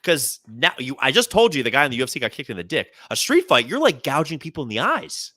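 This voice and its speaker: A lively podcast co-host with a bright, medium-pitched voice tells comic stories at a quick pace, acting out quotes as he goes in a casual comedic chat. The studio sound is clean, with no room sound.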